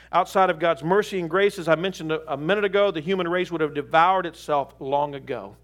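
High-voiced, animated preacher man. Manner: animated, acts out quoted voices. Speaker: pastor. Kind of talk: sermon storytelling. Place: in South Florida.

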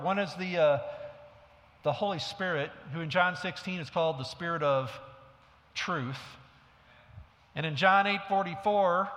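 A man's voice: on the high side, fairly bright tone. A middle-aged male pastor preaching a sermon, telling stories in a conversational way with self-deprecating humor. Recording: long hall reverb.

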